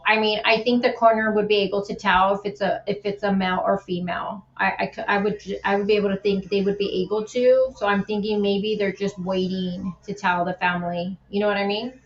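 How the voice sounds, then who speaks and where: A woman's voice: medium pitch, fairly even intonation, brisk, hardly any pauses, a little hiss or hum. A woman hosting a livestream in casual chat, emotional and tearful, rambling with many restarts. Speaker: livestream host. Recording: roomy, dull lo-fi stream audio.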